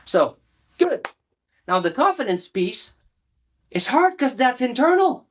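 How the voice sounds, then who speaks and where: A man teaching public speaking straight to camera, emphatic and animated, often checking in with the viewer. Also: very high voice, a little slow, a little hiss or hum. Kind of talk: direct-to-camera coaching talk.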